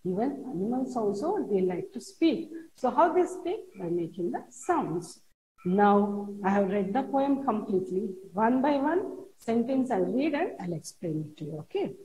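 A woman teaching a classroom lesson, reading a poem aloud and explaining each word slowly and repetitively to children. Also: medium pitch, sing-song, dark tone, a little hiss or hum. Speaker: schoolteacher. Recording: roomy echo.

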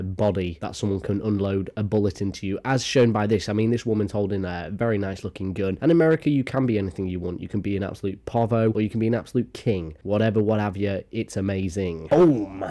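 A man's voice: lowish voice, quick pace, few pauses, dark tone. An English man giving casual, irreverent comedic commentary, swearing freely and joking as he reacts to clips. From England. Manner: irreverent, swearing, jokey asides. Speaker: YouTuber commentator.

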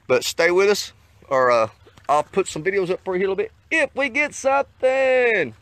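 A man casually talking to the camera while fishing on a riverbank, hot and a little out of breath, folksy and quick to grumble. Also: high-pitched, dry recording. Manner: folksy, excitable, swears mildly at fish. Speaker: fishing vlogger. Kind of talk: casual outdoor vlog. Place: outdoors on a riverbank. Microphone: handheld camera mic.

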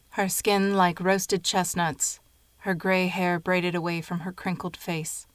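A woman narrating a short story in a measured, even storytelling manner. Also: on the low side, no room sound.

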